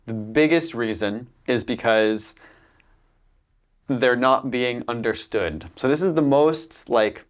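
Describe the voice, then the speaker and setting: A man with a Californian American accent, an accent coach talking casually in an interview, animated, with many fillers and restarts. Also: medium pitch.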